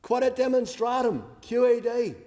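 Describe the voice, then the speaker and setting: A man's voice: very high-pitched, normal speed, warm tone. Sarcastic Australian man in a parliament chamber. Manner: combative and sarcastic, mocking opponents. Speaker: member of parliament. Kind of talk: parliamentary debate speech. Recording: long reverb of a large chamber.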